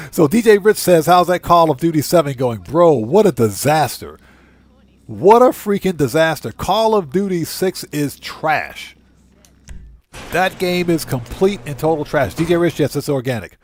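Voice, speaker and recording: High-voiced man ranting on a game stream. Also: expressive, unhurried. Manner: ranting, emphatic, greets chatters by name. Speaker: livestream gaming host. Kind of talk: casual live-stream chat.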